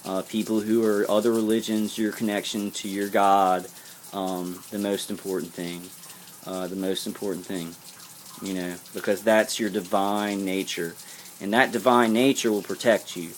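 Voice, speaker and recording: A man's voice: fairly low pitch, little pitch movement, normal speed, a little hiss or hum. A man delivering an earnest spiritual pep talk to camera, rambling and repeating himself. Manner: earnest, intense. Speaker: vlogger.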